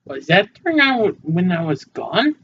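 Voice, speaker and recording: A man's voice: high voice, very animated, moderate pace, dull audio, a little hiss or hum. Easygoing man chatting on a podcast. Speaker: podcast co-host. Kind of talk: casual chat.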